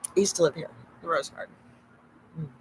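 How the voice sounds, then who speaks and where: A woman vlogger telling rambling personal stories, wandering between digressions and soft mumbled asides. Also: sits low, fairly quick, slight background noise, rough recording.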